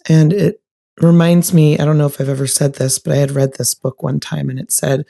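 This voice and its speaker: Gravelly-voiced woman co-host, chatty. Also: deep voice, level tone, a little fast, mellow. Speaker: podcast co-host. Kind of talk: casual conversation.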